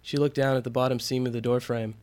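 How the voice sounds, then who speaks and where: Man, narrator, scripted story, measured, suspenseful. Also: medium pitch, flat delivery, a little mellow.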